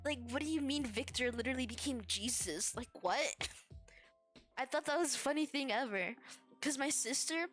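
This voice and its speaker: A woman's voice: high-pitched, moderate pace, a bit bright, faint music behind. A woman streamer chatting casually and rambling. She is tired and yawning, giggles often, and uses lots of fillers. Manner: giggly, filler-heavy, meandering. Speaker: VTuber streamer.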